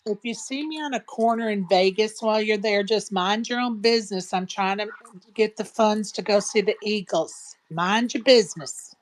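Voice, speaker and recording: A woman's voice: medium pitch, normal speed. A woman hosting a casual live-stream chat, folksy and frank, addressing viewers and co-hosts. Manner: chatty and folksy, says "y'all", frank opinions. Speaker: show host.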